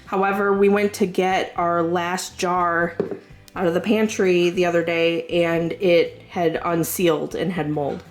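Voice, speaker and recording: A woman's voice: lowish voice, little pitch movement, unhurried, faint music behind. A woman in her thirties with a Southern US accent, chatting casually and rambling through a grocery haul with lots of fillers. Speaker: vlogger showing a grocery haul. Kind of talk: casual chat.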